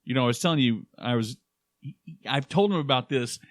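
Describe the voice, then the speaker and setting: A man's voice: medium pitch, animated, a little fast, no room sound, clean studio sound. A man from Oklahoma co-hosting a casual podcast, joking around and jumping between topics. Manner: joking, jumps between topics, puts on silly voices. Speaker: podcast co-host. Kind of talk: casual chat.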